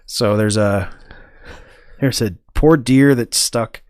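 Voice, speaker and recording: A man's voice: medium pitch, takes it slowly, darkish tone, clear, resonant tone, no room sound, clean studio sound. A man co-hosting a podcast in casual chat, easygoing and steering the show from topic to topic. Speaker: podcast co-host.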